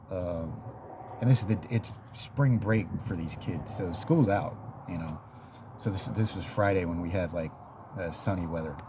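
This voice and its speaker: A man's voice: sits low, noisy background. A man casually telling a personal story in a chatty, rambling way, full of fillers and little laughs.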